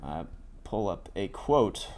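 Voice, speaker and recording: Male commentary host, lowish voice, sardonic, reads news aloud with casual asides. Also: sing-song, slow pace, darkish tone. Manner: sardonic, reads quotes in his own plain voice; frequent fillers and restarts, asides.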